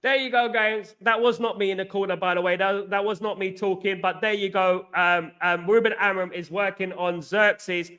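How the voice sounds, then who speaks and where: A man hosting a casual football fan chat, telling animated stories with slang and asides. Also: sits high, moderate pace, few pauses, clear, resonant tone. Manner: animated, chatty storytelling with slang. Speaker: host.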